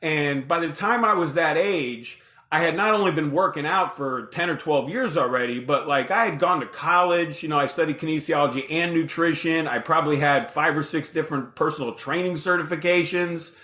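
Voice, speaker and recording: A lively man in his fifties, a podcast guest who tells his story casually and acts out the dialogue himself. His voice is bright and somewhat high for a man. It rings in a roomy, echoey space. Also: moderate pace.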